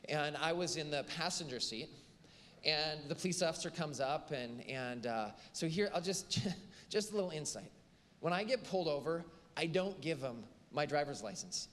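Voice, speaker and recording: A man preaching a sermon as pastor, telling animated stories and acting out the voices of the people in them. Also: sits high. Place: church auditorium. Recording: church hall reverb, faint ambience.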